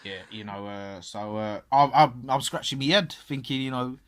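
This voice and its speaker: A man's voice: medium pitch, moderate pace, fairly bright tone, smooth. A man co-hosting a casual football podcast, swearing freely and saying "mate" at every turn. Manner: laddish, swears a lot, says "mate" constantly. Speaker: podcast co-host.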